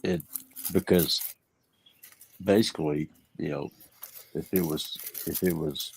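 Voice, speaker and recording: Very deep, gravelly man, halting. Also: fairly even intonation, a little hiss or hum. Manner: halting, repeats words as he gathers thoughts. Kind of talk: casual chat.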